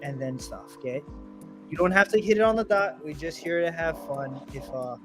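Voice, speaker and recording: A man's voice: on the high side, normal speed, a bit bright, soft background music. A man hosting a casual gaming podcast, talking energetically and laughing often. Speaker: podcast host.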